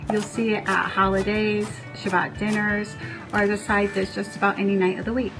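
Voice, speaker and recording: A woman's voice: medium pitch, flat delivery, fairly quick, over music, poor audio. A woman from the United States sharing a family recipe in a friendly, scripted recorded message. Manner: clear, friendly, reads from a script. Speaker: guest contributor sharing a recipe.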